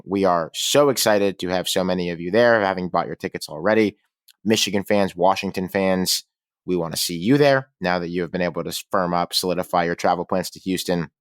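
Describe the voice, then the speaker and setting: A man's voice: sits low, no room sound, clean studio sound. A man co-hosting a casual college football podcast, chatting and reading sponsor spots with enthusiasm. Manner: conversational, reads sponsor reads with enthusiasm. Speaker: podcast co-host. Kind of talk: casual sports podcast talk.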